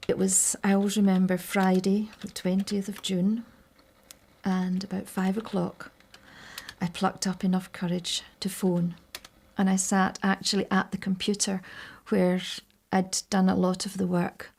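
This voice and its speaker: An older woman with a Scottish accent, recalling in a measured, reflective way how she phoned a long-lost relative. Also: mid-range voice, flat delivery, gravelly, a little mellow. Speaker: family searcher. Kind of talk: interview recollection.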